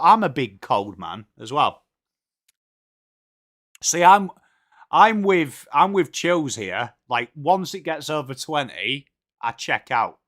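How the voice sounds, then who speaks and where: English male streamer, friendly chatter, calls everyone mate, slightly higher pitch. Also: fairly bright tone. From England. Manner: chatty, greets viewers by name, says mate a lot. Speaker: livestream host. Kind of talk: casual live watchalong chat.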